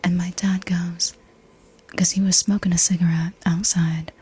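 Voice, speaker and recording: Softly whispering woman telling a story, whispered ASMR. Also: on the low side, level tone, moderate pace, slightly rough, no room sound. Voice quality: unvoiced whisper. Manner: rambling, casual, swears freely. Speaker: ASMR creator.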